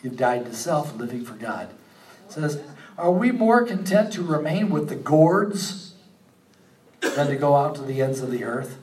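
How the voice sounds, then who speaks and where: A man preaching a sermon, animated, rising to emphatic peaks and then dropping low and quiet. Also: unhurried, roomy sound, distant mic, rough recording. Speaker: pastor.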